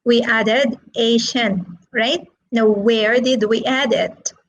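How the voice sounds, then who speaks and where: A woman teaching an online English lesson, asking the class questions in a slow, drawn-out teaching manner. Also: fairly high pitch, fairly even intonation, highs cut off.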